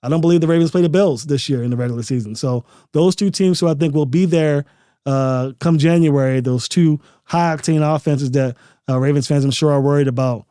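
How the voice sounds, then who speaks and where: A man's voice: on the high side, brisk, warm tone, smooth, dry recording, clean studio sound. A man hosting a sports podcast, giving casual commentary and repeating phrases to drive his points home. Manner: emphatic, repeats phrases for stress. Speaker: podcast host.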